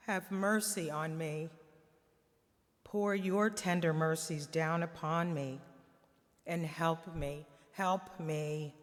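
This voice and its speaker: Slow, solemn man in church reverb. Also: a little high. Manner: hushed, tender and sorrowful. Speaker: reader at a Good Friday service. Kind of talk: solemn first-person devotional reading.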